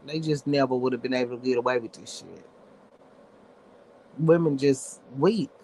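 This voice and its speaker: A man hosting his own show, ranting casually in a blunt, sassy, heavily profane way. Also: on the high side. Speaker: show host. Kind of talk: casual livestream rant.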